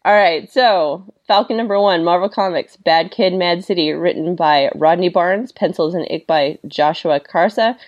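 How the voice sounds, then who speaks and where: A woman's voice: lowish voice, normal speed, few pauses, dull audio. A woman co-hosting a podcast, chatting casually and enthusiastically about a comic book, often laughing and acting out quotes. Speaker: podcast co-host reviewing comics. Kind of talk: casual chat.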